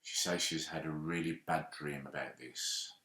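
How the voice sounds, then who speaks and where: A man's voice: a bass voice, fairly even intonation, measured pace, bright, forceful tone, reverberant, full character voice. A man voicing a dutiful aide who formally reports a message in a Bible story retelling. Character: dutiful male aide to a governor.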